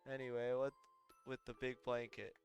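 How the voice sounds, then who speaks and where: A man reading a spirited teenage girl's game dialogue aloud in a flat monotone. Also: medium pitch, normal speed, vocal fry, faint music behind, lightly acted. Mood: deadpan. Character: spirited teenage girl heroine.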